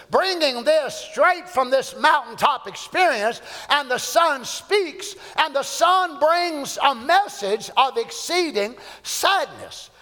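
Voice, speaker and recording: A man's voice: extremely high pitch, sharp tone. A man preaching a fervent, folksy sermon in a church. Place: church sanctuary. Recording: echoey church hall.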